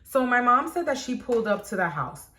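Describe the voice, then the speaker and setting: A woman's voice: fairly high pitch, sing-song, fairly quick, pushed and bright, slight background noise. A woman telling a personal story to her channel in a casual, chatty way full of "like". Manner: chatty, heavy on "like" and filler. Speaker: vlogger.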